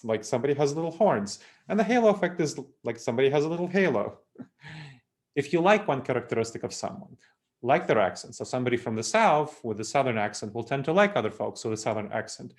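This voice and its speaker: A man's voice: mid-range voice, very animated, quick pace. A middle-aged man from New York giving a webinar presentation, lecturing in a chatty way with joking asides and chuckles.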